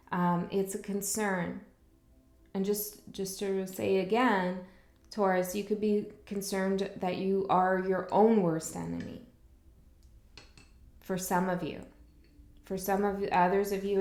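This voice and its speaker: Woman tarot reader, mid-pitch, reflective rambling delivery in a roomy space. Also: a little mellow. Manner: rambling, reflective, many fillers and restarts. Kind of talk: casual spiritual monologue.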